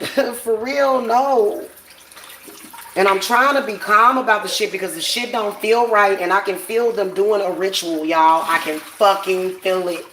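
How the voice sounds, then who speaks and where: A woman's voice: medium pitch, fairly bright tone, echoey room, slight background noise. Blunt, profane woman ranting at home. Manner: blunt, profane, laughing, talks straight to viewers. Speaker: spiritual practitioner vlogger. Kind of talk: casual ranting vlog.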